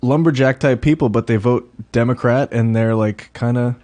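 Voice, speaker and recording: A man's voice: mid-range voice, moderate pace, a little mellow. A man in a casual chat, throwing in short, dry remarks.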